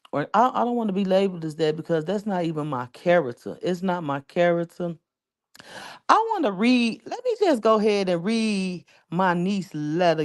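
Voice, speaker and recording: This livestream host is a woman from around Chicago, chatting loosely and with feeling while calling out viewers by name to thank them. She has a fairly low, darkish voice with a clean tone.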